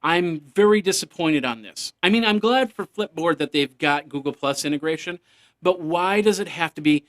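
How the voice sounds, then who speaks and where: A man's voice: a little high, animated, moderate pace. A man hosting a casual solo tech news podcast, rambling and joking, now and then making beeping computer noises.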